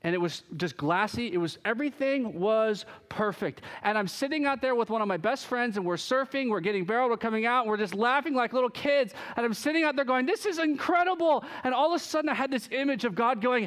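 A man with a high, light voice delivers a sermon in an animated storytelling way. He swings between hushed, drawn-out phrases and quick, excited bursts as he acts out the voices in his story. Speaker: pastor.

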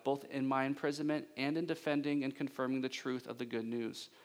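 A male pastor delivering a conversational sermon, self-deprecating and joking at times, his voice rising higher and louder when he gets animated.

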